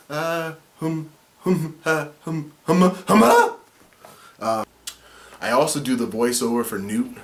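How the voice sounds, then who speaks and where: A man who voices cartoon characters and co-creates the show, explaining his work in a relaxed way with some fillers. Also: fairly low pitch, a little hiss or hum. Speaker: voice actor and co-creator. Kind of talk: behind-the-scenes narration.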